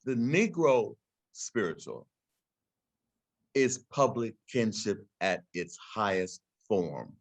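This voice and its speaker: A man's voice: lowish voice, animated, takes it slowly, no echo. Older man giving an impassioned talk. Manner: preaching, repeats words, builds to emphatic peaks. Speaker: invited speaker. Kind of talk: impassioned address. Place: house gallery, indoors.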